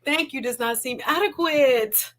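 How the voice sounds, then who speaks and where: A woman's voice: sits high, unhurried, fairly bright tone. A woman hosting a casual livestream, talking emotionally, laughing often and repeating her words. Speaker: livestream host.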